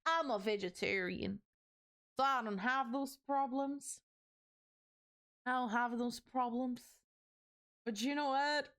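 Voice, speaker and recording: A woman's voice: sits high, slow pace, pauses often, smooth. Chatty Portuguese woman streaming. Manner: chatty, animated, reacts to chat. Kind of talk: casual live-stream chat while building.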